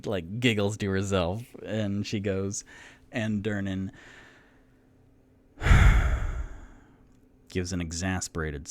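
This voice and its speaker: A man working as dungeon master, narrating a solo tabletop game in a relaxed, meandering way full of fillers. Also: lowish voice.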